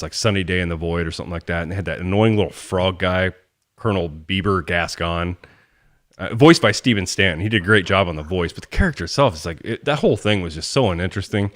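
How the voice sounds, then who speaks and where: A man's voice: deep voice, fairly bright tone. A man co-hosting a podcast, talking in a casual, rambling and enthusiastic way. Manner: rambling, enthusiastic fan talk. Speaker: podcast co-host. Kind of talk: casual chat.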